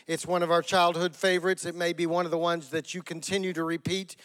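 A man's voice: on the high side, level tone, quick pace, fairly bright tone, big-room sound. A male pastor giving a sermon in a conversational, joking, self-deprecating way.

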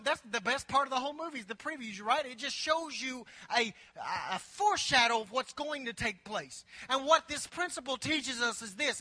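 A man's voice: very high-pitched, pushed and bright. A man preaching a sermon as pastor, with repeated build-up phrases and playful asides. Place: church sanctuary. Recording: long reverb of a large hall.

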